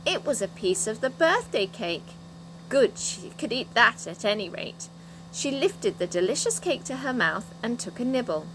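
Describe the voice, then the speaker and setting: A woman reading a children's storybook aloud with an expressive delivery. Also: fairly high pitch, normal speed, slight background noise, poor audio. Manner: expressive, animated. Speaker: reader.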